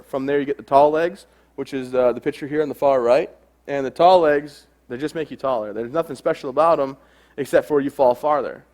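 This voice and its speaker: A young adult man giving a humorous stage talk to a live audience, telling self-deprecating stories. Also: medium pitch. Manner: joking, self-deprecating storyteller. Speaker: keynote speaker.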